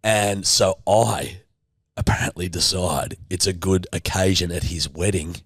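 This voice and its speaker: A man's voice: sits low, fairly even intonation, unhurried, slightly rough, dry recording, studio quality. A man, co-hosting a podcast and telling a rowdy story, swearing heavily. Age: 30s. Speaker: podcast co-host. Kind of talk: casual chat.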